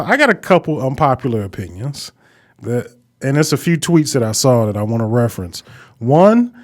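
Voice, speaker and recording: A man co-hosting a podcast in casual chat, laid-back and profane as he reads out and defends opinions. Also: mid-range voice. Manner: laid-back, profane, reading tweets aloud. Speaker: podcast co-host.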